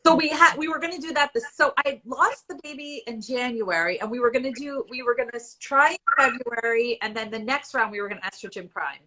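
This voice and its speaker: A woman's voice: on the high side, fairly quick, hardly any pauses, sharp tone, rough recording. A woman in her forties telling her own story as a patient in a live Q&A, candid and conversational, at times emotional. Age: 40s. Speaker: IVF patient guest.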